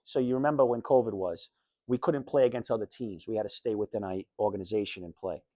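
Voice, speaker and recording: A man giving a personal talk to high school students as a guest speaker, telling his story in a candid, plain, conversational way. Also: fast, warm tone, dry recording. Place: school classroom.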